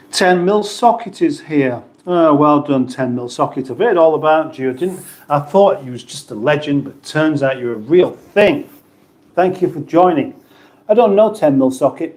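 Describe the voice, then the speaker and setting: A man's voice: a little high, animated, measured pace, darkish tone. A middle-aged man from the UK hosting a casual livestream, chatting and rambling through viewer comments with restarts and banter. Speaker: livestream host. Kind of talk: casual live chat reading viewer comments.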